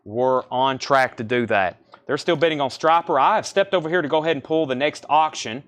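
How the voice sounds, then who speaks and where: A man hosting a live-streamed record sale, listing records and prices in rapid, brisk sales patter. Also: medium pitch, a bit bright. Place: record store.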